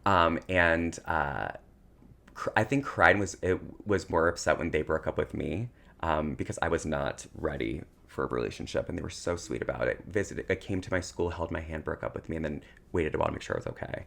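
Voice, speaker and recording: Male podcast co-host, low and gravelly, emotional storyteller. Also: brisk. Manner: emotional, tearful at times, animated storytelling. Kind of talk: casual chat, personal storytelling.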